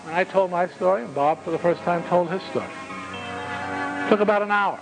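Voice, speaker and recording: A man telling a vivid first-person story with dramatic pauses and asides to his listeners. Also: sits high, lively intonation, creaky, soft background music, rough recording.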